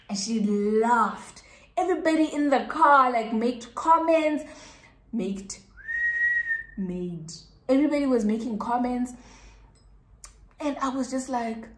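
A woman's voice: on the high side, measured pace. A South African woman telling a casual storytime to her viewers, chatty and repeating words for emphasis. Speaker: YouTuber. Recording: echoey room.

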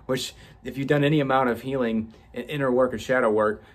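Husky-voiced man, podcast host, candid and profane storytelling, stumbles and restarts often. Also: mid-range voice, fairly even intonation, brisk.

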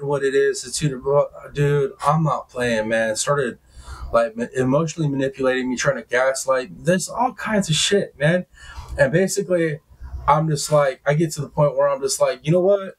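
A young man hosting his own channel, telling a personal story in a casual, profane, animated way that turns loud and high when heated. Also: breathy edge, rough recording. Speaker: true crime channel host.

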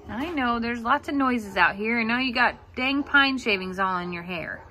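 A woman, talking in soft, cooing baby talk to her pet in a casual vlog. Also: on the high side, moderate pace, a little hiss or hum, low-quality recording. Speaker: vlogger, pet owner. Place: outdoors on a farm. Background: faint farm ambience, geese and rain.

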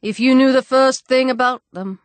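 A woman voicing a proud, stern young gentleman with a low, measured and severe delivery in an audiobook. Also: smooth, dry recording, close to an everyday voice. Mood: teasing.

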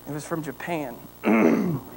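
A man preaching a sermon as pastor, telling a story with lively emphasis and then praying quietly. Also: a little high, measured pace, vocal fry, rough recording. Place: church sanctuary.

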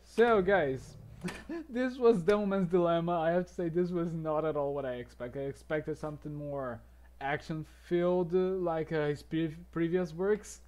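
A man's voice: a little high, moderate pace, darkish tone. A man from Brazil with a Brazilian Portuguese accent, hosting a casual reaction video, chuckling and often restarting his sentences.

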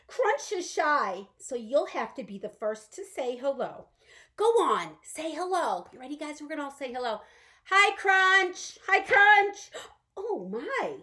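A children's librarian leading an animated storytime, coaxing young listeners to join in and answer. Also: female voice, high voice. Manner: animated, coaxing, addresses kids directly. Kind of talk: storytime reading with songs. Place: library, indoors.

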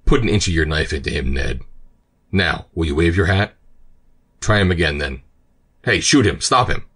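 Cruel male pirate captain voiced by a man, audiobook, barked commands, husky. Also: very deep voice, normal speed, a bit bright, full character voice. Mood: commanding. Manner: barking harsh commands. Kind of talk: audiobook character reading.

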